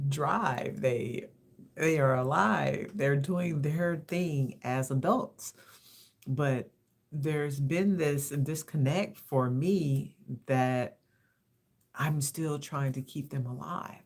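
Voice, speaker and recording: A woman in her fifties from Los Angeles, talking reflectively on a livestream, halting and repeating words as she gathers her thoughts. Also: extremely low pitch, darkish tone. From Los Angeles, USA. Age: 50s. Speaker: livestream host. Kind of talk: reflective personal talk.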